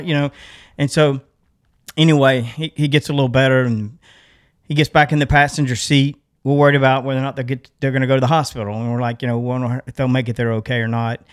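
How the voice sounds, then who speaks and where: This podcast co-host, a middle-aged man whose voice sits in the mid range, tells a lengthy tale with casual energy. Frequent laughter punctuates it, and he performs the voices of everyone in the story.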